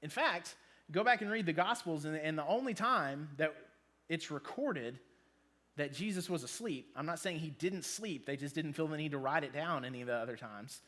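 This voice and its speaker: A man's voice: fairly high pitch, fairly quick, fairly bright tone. A man in his thirties giving a casual youth sermon, joking and saying um a lot. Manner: casual, joking, with many ums. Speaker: youth pastor. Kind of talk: sermon to students.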